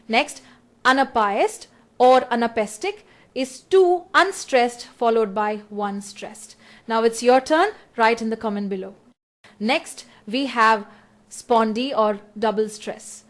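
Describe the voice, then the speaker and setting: Brief: woman lecturer, fairly high voice, measured and clear for exam revision. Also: lively intonation. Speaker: literature lecturer. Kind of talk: scripted exam-prep lecture.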